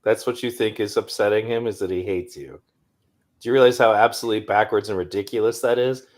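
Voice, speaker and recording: A man's voice: on the low side, fast. A man appearing as a guest on a political talk show, arguing his points in a dismissive tone. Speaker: guest commentator. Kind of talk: political discussion.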